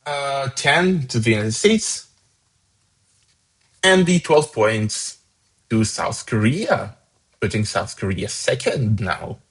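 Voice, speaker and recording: A man's voice: medium pitch, expressive, takes it slowly, long pauses, breathy edge, rough recording. A man hosting a fan song contest, casually reading out each voter's points with chatty asides. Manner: casual, chatty, upbeat about scores. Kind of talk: live commentary reading out votes.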